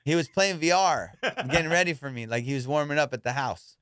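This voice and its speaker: A man hosting a casual comedy podcast, telling profane, animated stories about boxing. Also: fairly high pitch, a little fast, smooth, no room sound, clean studio sound. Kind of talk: casual storytelling chat.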